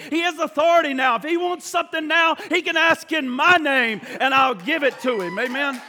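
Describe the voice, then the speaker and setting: A male preacher tells a story from the pulpit. His voice sits very high and sounds bright and forceful, and he is animated, rising to shouts at the peaks. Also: normal speed, hardly any pauses, big-room sound. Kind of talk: sermon.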